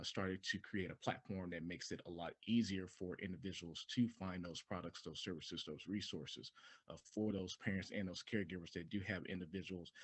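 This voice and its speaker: A man's voice: low voice, slightly rough, dry recording. A man speaking as a guest in an earnest way, with many fillers. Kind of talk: casual panel chat.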